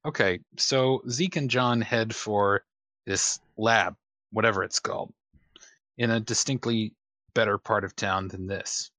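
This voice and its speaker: Slow, low-voiced game master. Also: male voice, bright, forceful tone, dry recording. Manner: unhurried, hesitant, casual swearing. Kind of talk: narrating a tabletop game.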